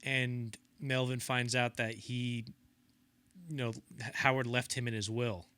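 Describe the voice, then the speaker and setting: A man's voice: mid-range voice, unhurried, clear, resonant tone. A young man co-hosting a film podcast, chatting casually and acting out the quotes in his stories. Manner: animated storyteller acting out quotes in voices. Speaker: podcast co-host. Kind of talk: casual film-history chat.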